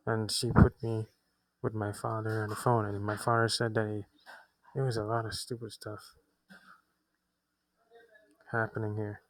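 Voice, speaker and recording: A man's voice: on the low side, level tone, normal speed, gravelly, long pauses, dry recording, poor audio. A young man telling a personal story, often restarting his sentences, agitated as he recounts what happened. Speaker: vlogger.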